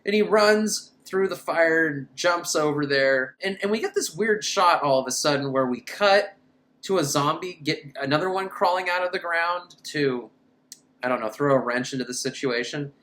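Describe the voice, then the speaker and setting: A woman's voice: low-pitched, normal speed, a bit bright. A woman recapping a bad film with sarcastic, incredulous commentary. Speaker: film reviewer. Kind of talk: comedic movie recap.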